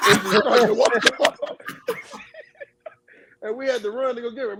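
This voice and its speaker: Former player swapping stories; raspy, sharp-edged, loose and laughing. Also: male voice, high-pitched, moderate pace, no room sound. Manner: animated, profane, laughing storyteller. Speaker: former college football player. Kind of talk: casual storytelling among teammates.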